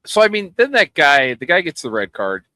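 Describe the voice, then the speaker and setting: Animated, profane man telling stories. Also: on the high side, fairly quick, dry recording, low-quality recording. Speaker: podcast co-host. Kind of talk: casual chat.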